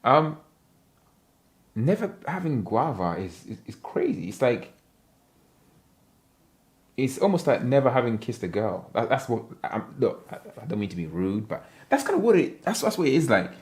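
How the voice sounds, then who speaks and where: A man's voice: mid-range voice, big pitch swings, normal speed, long pauses, a little mellow. A man from Africa chatting casually on a livestream, reading viewer comments in a playful, rambling way and laughing often.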